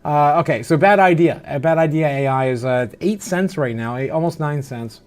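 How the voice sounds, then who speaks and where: In a casual crypto livestream, the male host responds to viewer comments with loose talk, frequent laughs and lots of "uh," sounding a bit tipsy and slurred. He has a fairly high, slightly mellow voice at normal speed.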